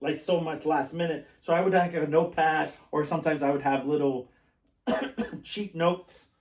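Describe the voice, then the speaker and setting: A man's voice: a little high, moderate pace. A man hosting a podcast, telling rambling stories in casual chat and laughing often. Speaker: podcast host. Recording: echoey room, mic at a distance.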